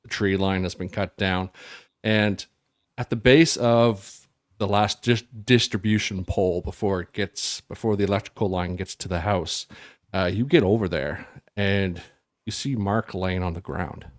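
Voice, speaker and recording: A man running a tabletop game as game master, describing the scene in a halting, loose way with lots of fillers. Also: sits low, no room sound, clean studio sound.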